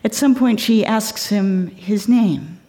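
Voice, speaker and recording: A woman retelling a true story in an earnest, measured way. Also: mid-range voice, mellow, in a large hall. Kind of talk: storytelling talk.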